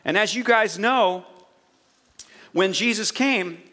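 Pastor guy preaching, kinda high bright voice, lively storytelling with jokes. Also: slow pace. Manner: animated storytelling, jokey asides. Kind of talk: sermon.

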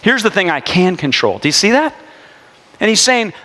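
Animated male preacher, bright and lively. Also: high voice, normal speed, in a large hall. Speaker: pastor. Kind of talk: sermon.

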